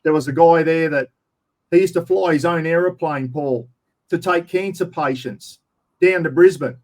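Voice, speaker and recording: A man's voice: fairly high pitch, normal speed, a little mellow. An Australian man chatting casually as an interview guest, telling long rambling stories and saying "mate" all the time. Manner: rambling storyteller, says "mate" constantly.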